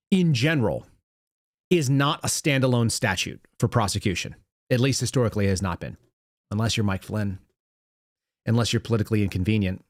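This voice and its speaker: A man hosting a political commentary show, talking casually, with plenty of restarts and stories told through quoted back-and-forth. His voice sits at an average pitch, recorded close and dry on a studio mic. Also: no room sound. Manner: conversational storytelling with quoted dialogue and restarts. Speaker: podcast host.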